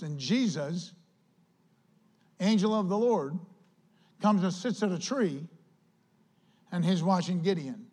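A male pastor preaching a sermon with lively delivery, acting out quoted voices. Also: high-pitched, takes it slowly, long pauses, breathy edge.

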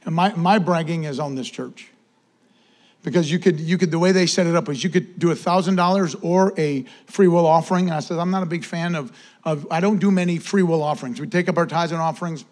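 A middle-aged man preaches to his congregation with animated energy and casual asides. His voice sits a little higher than most men's. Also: brisk. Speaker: pastor. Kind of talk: sermon and church announcements.

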